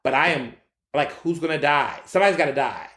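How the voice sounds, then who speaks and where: A man hosting his own podcast, chatting in an animated, slangy way and speaking straight to his listeners. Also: fairly high pitch, brisk, roomy sound. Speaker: podcast host. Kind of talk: casual solo commentary.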